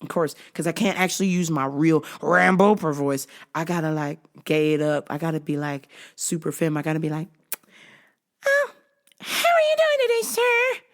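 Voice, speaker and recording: A woman host telling comic work stories in a blunt, profane, animated rant. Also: sits low, brisk, few pauses. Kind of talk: comedic storytelling rant.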